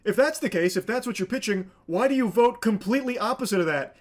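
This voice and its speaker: A man's voice: sits high, expressive, quick pace, few pauses. A man hosting and commenting on a clip, ranting in a sardonic, profane way. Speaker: host.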